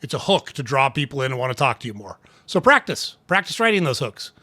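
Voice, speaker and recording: Bright-voiced man giving casual tips. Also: medium pitch, big pitch swings, fast talker, no echo. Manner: conversational, often asks "right?"; clears throat now and then. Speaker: host. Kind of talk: casual tips talk to camera.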